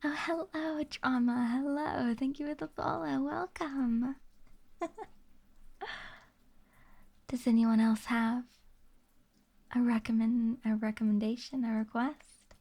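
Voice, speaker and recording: Soft giggly woman, gravelly whisper. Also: a little high, steady tone, slow pace, long pauses. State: sleepy. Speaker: ASMR streamer. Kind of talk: soft-spoken ASMR chat. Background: rain ambience.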